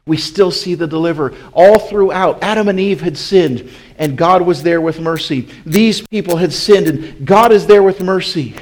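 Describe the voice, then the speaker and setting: A man preaching a sermon as pastor, asking his listeners question after question and swinging from loud, high calls to slow, hushed lines. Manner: asks the congregation rhetorical questions.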